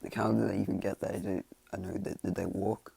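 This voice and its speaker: A man's voice: low voice, level tone, quick pace, gravelly, warm tone, breathy edge, no echo. A man casually telling a fan fiction story, rambling and filling every gap with "like" and "you know.".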